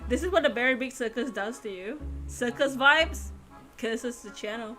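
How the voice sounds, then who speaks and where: Giggly high-voiced woman streamer. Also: moderate pace, sharp tone. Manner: giggly, chatty, frequent laughter. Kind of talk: casual live-stream game commentary. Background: game music.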